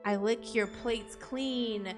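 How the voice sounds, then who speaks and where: A woman reading the lines of a meek, shy sleep demon creature in a flat, slightly lower, guilty-sounding voice for a game. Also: takes it slowly, over music. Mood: deadpan.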